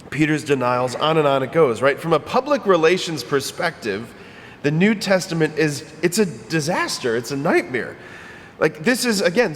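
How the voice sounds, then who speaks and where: A man's voice: a little high, in a large hall, slight background noise. A male priest giving a homily in a conversational, emphatic way, often repeating his phrases.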